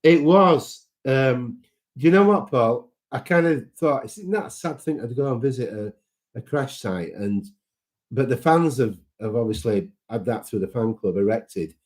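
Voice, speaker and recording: A man's voice: mid-range voice, moderate pace, darkish tone. A man hosting a casual live chat, reading out viewer comments and greeting people by name in a sentimental way.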